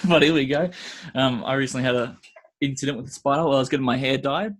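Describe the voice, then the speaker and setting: A man's voice: medium pitch, a little fast, fairly bright tone. A young Australian man co-hosting a podcast, telling a story animatedly, acting out the voices and laughing often. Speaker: podcast co-host. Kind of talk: casual chat.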